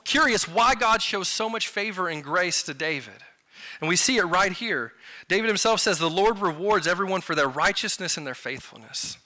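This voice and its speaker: A man preaches a sermon in a high, bright voice that swings up and down all the time. He talks to his listeners in a relaxed, chatty way and breaks off for quick asides.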